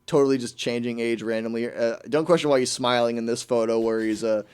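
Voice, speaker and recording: A male radio host talks at a rapid clip in casual studio chat. He rants with exasperation and slips into mock voices for quotes. His pitch sits in an ordinary middle range. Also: fairly even intonation, a little mellow, clear, resonant tone.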